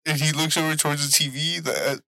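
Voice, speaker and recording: A man co-hosting a casual podcast chat, telling a story in a halting way with repeated words. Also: fairly high pitch, flat delivery, vocal fry, sharp tone, no echo. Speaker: podcast co-host.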